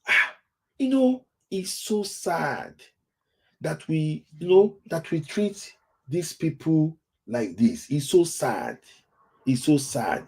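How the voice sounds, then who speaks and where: Husky Nigerian man, lively pitch. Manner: lamenting, repeats phrases over and over. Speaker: football talk show host. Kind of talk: casual live-stream commentary.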